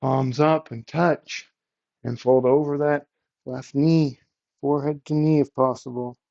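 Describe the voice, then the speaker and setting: A man leading a yoga workout with calm, encouraging step-by-step cues. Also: mid-range voice, unhurried, gravelly. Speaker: yoga instructor. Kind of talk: guided workout instruction. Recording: slightly muffled, lo-fi audio.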